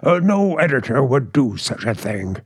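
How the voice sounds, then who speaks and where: An actor playing a nervous, stammering husband in a 1940s radio play. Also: male voice, mid-range voice, sing-song, normal speed, breathy edge, no echo, clean studio sound. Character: timid frightened husband, Mr. Beaker.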